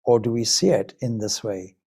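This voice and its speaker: A man from Zimbabwe gives a spiritual talk as a Vedanta swami. His voice is mellow and a little husky, and he speaks reflectively, posing question after question to his listeners. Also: on the low side, moderate pace. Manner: reflective, many rhetorical questions. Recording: Ireland talk.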